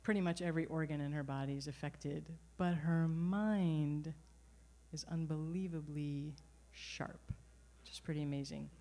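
A middle-aged woman telling a personal story at a live storytelling event, conversational and animated, with frequent restarts. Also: deep voice, a little fast, few pauses. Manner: conversational, animated, self-correcting.

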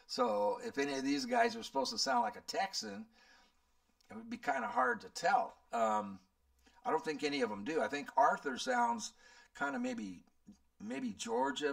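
Gravelly-voiced man in his seventies. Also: sits high, fairly bright tone, distant mic. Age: 70s. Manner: rambling, thinks aloud. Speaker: YouTube host answering viewer questions. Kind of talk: casual Q&A chat.

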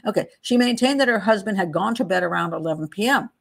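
Middle-aged american woman, true crime host, reads statements aloud, chatty and digressive, average pitch. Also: animated, fast, vocal fry. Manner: chatty and digressive, laughs at own asides. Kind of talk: casual case walkthrough, reading statements aloud.

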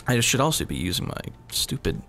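A man's voice: medium pitch, big pitch swings, a little fast, bright, forceful tone. A man giving rambling, casual commentary as he plays a game, mocking himself and swearing often. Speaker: gaming video host. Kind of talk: casual let's-play commentary. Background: game sounds and music.

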